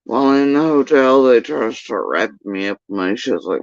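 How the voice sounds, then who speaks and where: A man's voice: mid-range voice, animated, brisk, no room sound. A man telling a long, agitated, profane story on a livestream, repeating himself as he goes. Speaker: livestreamer recounting personal events. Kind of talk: rambling livestream monologue. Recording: dull lo-fi stream audio.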